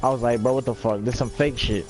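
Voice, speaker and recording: A man's voice: mid-range voice, steady tone, quick pace, darkish tone. A man telling a long story in casual chat, rambling with many fillers and plenty of swearing.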